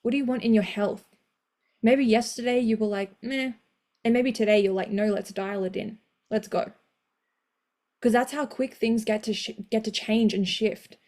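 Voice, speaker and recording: A woman coach hosting a live motivational session, energetic and blunt, swearing casually and cheering her listeners on. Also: on the high side, normal speed.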